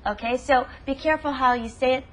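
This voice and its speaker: A woman hosting a language lesson, upbeat and emphatic, drilling words slowly. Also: sits high, fairly even intonation, a bit bright. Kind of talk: upbeat teaching.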